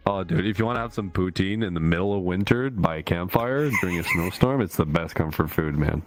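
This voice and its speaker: A man from Quebec with a very deep voice talks loosely on a podcast. He rambles with fillers and jokes at his own expense, while soft music plays faintly behind him. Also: brisk. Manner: chatty, self-deprecating, frequent fillers. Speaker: podcast co-host. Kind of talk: casual podcast chat.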